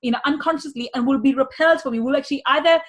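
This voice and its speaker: A woman's voice: sits high, rapid-fire. A woman money mindset coach teaching a workshop, repeating key phrases with energy.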